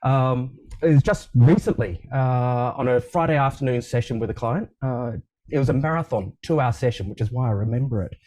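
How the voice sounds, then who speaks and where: A man with an Australian accent, a leadership coach talking as a guest over a video call, telling stories in a relaxed way with frequent ums and restarts. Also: medium pitch, fairly quick. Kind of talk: casual interview conversation.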